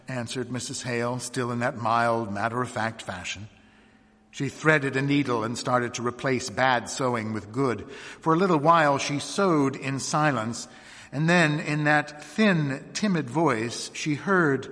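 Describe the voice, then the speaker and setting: A man reading a short story aloud in a measured, expressive narration. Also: medium pitch, in a large hall. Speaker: reader.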